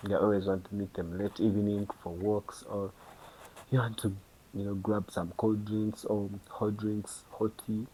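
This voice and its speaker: A man's voice: fairly low pitch, flat delivery, unhurried, dark tone, a little hiss or hum, poor audio. A young man with a Ugandan English accent hosting a podcast, chatting casually and filling his talk with "you know" while acting out little conversations. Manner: chatty, many fillers, acts out dialogue. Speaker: podcast host. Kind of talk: casual monologue to camera.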